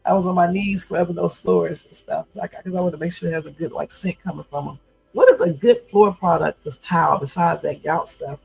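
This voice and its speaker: Gravelly, husky woman in her fifties. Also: on the low side, fairly quick, a little mellow, soft background music, rough recording. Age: 50s. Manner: blunt, confrontational, chatty with many fillers. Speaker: YouTube livestream host. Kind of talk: casual livestream talk. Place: home.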